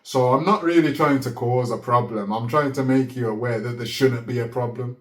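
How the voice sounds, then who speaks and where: A man telling a story in a casual, animated way, laughing often and checking in with "yeah?". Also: mid-range voice, brisk. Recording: roomy echo.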